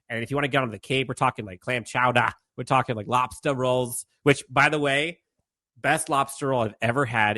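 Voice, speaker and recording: A man's voice: medium pitch, bright, forceful tone, no echo, studio quality. A man co-hosting a casual sports podcast, talking in an upbeat, enthusiastic way. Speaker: podcast co-host.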